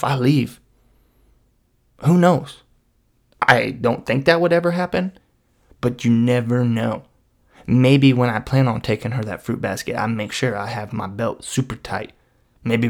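Creaky-voiced man rambling on camera. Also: medium pitch. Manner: meandering, deadpan, lots of "you know". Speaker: vlogger. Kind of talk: rambling comic storytelling.

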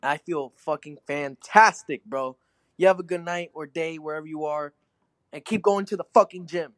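A man's voice: fairly high pitch, normal speed, a bit bright, no echo. A man calling in to a show, thanking the host in an enthusiastic, grateful, swear-filled way. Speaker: caller. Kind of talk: casual call-in message.

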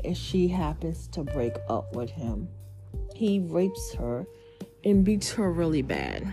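A woman's voice: lowish voice, mellow. A woman hosting a podcast and recommending books in a casual chat. She talks in a loose, chatty way with many fillers, and her voice is dry and fading from talking too much. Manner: chatty, filler-heavy, spells out names. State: losing her voice, dry throat. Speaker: podcast host.

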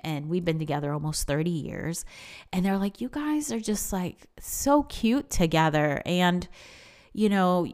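A woman's voice: on the low side, fairly bright tone. A middle-aged woman giving an earnest, casual motivational talk, repeating herself and restarting her sentences often. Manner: earnest, repetitive, many restarts and fillers. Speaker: speaker on affirmations.

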